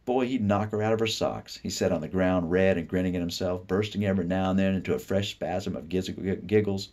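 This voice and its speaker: Deep, husky man reading a story. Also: a little fast, hardly any pauses. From Appalachian United States. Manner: expressive reading that drops soft and low for inner thoughts. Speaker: reader. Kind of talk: reading a short story aloud.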